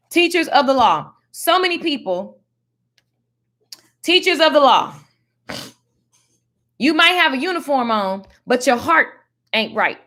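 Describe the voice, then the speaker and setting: A woman giving casual Bible teaching in a slangy, animated, preachy way. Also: high-pitched. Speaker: faith teacher.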